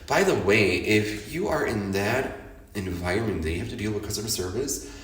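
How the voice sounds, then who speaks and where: A man's voice: fairly low pitch, expressive, moderate pace, echoey room, recorded from a distance. A man hosting his podcast in a casual, candid monologue, chatty and frank, laughing often and swearing freely. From Chicago. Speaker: podcast host.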